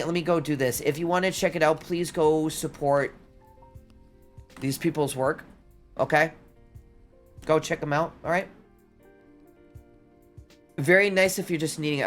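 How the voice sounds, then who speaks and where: A streamer chatting casually and excitedly to viewers, rambling between thoughts and often exclaiming. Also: medium pitch. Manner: excitable, rambling, says "dude" and "oh my God" often. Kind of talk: casual livestream chat.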